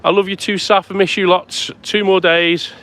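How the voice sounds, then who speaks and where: A man's voice: high-pitched, little pitch movement, moderate pace, a bit bright. A man live-streaming a walk outdoors, chatting and greeting viewers by name as he goes. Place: outdoors on town streets at sunset. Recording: faint outdoor street noise.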